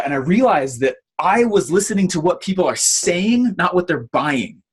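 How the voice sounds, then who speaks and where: Husky guy teaching marketing online, lively storyteller, lots of ums. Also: fairly high pitch. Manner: animated storytelling with many fillers. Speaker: marketing trainer. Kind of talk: online training talk.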